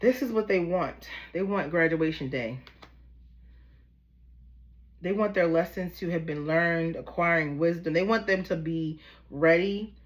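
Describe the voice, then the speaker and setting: A woman's voice: lowish voice, a little slow, long pauses. A woman from Baltimore with a Baltimore accent, giving a casual, chatty tarot reading straight to her viewers in a familiar, easygoing way. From Baltimore, USA. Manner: chatty and familiar, calls listeners "y'all" and "baby". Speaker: tarot reader.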